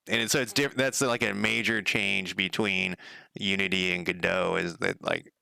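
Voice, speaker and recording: Brief: low-pitched male streamer, gravelly and bright, loose swearing coding chatter. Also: no echo. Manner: rambling, profane, laughs at himself. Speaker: game developer streaming his work. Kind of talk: casual live-coding commentary.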